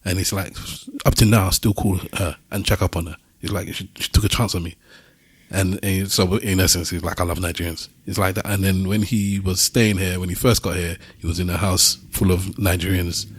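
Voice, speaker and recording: A man tells a story on his podcast in casual chat. His voice sits fairly low, and he animatedly mimics the people he quotes. The sound is close and dry. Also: steady tone, fairly quick, slightly rough, dry recording. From Britain. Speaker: podcast host.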